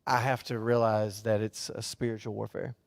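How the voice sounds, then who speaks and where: A man's voice: lowish voice, level tone, moderate pace, creaky. A man speaking earnestly and bluntly in a church round-table discussion. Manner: earnest and blunt, with filler ums. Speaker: church member on a panel.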